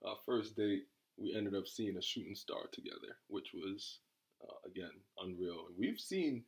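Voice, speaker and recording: A man's voice: sits low, lively intonation, moderate pace, gravelly, low-quality recording. A man in his thirties from New York co-hosting a couple's podcast, easygoing, laughing often and rambling with restarts. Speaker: podcast co-host. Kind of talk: casual couple chat.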